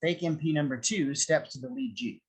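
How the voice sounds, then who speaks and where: A man narrating a script reading, with a steady, descriptive reading of the stage directions. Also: fairly high pitch, moderate pace, breathy edge, rough recording.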